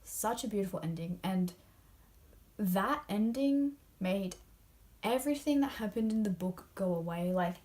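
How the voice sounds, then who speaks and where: A woman's voice: medium pitch, lively intonation, unhurried, a little mellow. A young woman chatting casually about a novel she loved, gushing, full of fillers and often dropping into a whisper. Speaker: book vlogger. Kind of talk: casual spoiler discussion of a novel.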